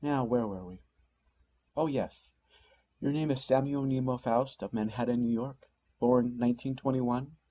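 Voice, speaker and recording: A man voicing a brisk, commanding woman captain with a slight Greek accent in a storybook reading. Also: medium pitch, mellow, pitched above the performer's own voice, natural voice. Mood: brisk stern.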